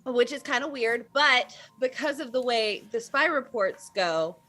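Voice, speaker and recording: A woman co-hosts a casual book chat in a bright, sharp, fairly high voice. She is relaxed and frank and drops quick asides. Faint music sits in the background. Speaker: podcast co-host. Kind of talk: casual chat about books.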